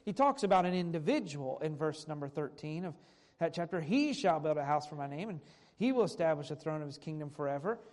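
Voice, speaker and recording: A man's voice: on the high side, animated, a little fast, darkish tone. A man preaching a sermon who reads old scripture aloud and then restates it in plain everyday words. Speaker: pastor.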